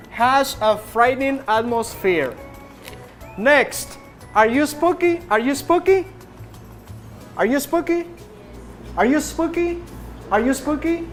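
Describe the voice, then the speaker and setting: A woman English teacher in a classroom, slowly repeating prompts and drilling her students. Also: high-pitched. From Nicaragua.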